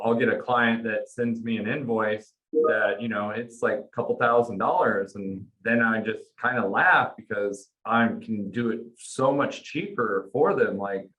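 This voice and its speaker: A man's voice: lowish voice, low-quality recording. A man working in home security, casually telling client stories on a panel with loose fillers. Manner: casual, relaxed storyteller with fillers. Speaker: home security sales guest. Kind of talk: panel conversation.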